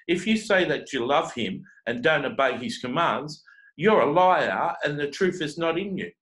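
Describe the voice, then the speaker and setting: A man's voice: on the high side, a bit bright, poor audio. A man preaching a confrontational sermon as a self-described prophet and teacher, scolding his listeners with pile-ups of rhetorical questions and often repeating words as he starts a sentence.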